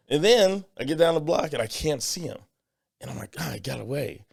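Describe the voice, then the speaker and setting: A man tells a story on a podcast, slipping into quoted voices along the way. His voice is gravelly, with a rough fry at the bottom of his words. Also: medium pitch, fast talker. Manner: animated storyteller, acts out quotes. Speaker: podcast co-host. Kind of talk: casual chat.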